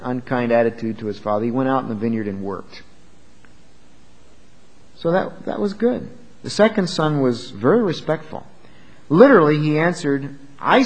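A man's voice: mid-range voice, in a large hall, poor audio. A man preaching a sermon in an emphatic, conversational way, asking his listeners questions as he explains a Bible passage.

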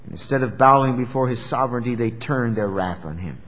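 A man's voice: mid-range voice, animated, a little fast, few pauses, fairly bright tone. A man preaching an expository sermon with emphatic, dramatic delivery that rises and falls sharply. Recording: long hall reverb.

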